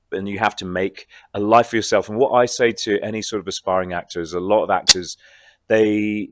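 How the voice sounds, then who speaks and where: A man, a guest actor in a convention interview, talking in a reflective, animated way. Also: lowish voice, no room sound, clean studio sound. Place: convention floor.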